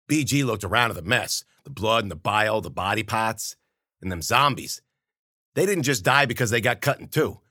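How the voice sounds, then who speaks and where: A man spinning a gritty first-person tale in street slang, turning to the listener with wry asides. His pitch moves a lot and his tone is bright and forward. The mic is close and dry. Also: husky, no echo. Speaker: storyteller and podcast host. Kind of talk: first-person hardboiled storytelling.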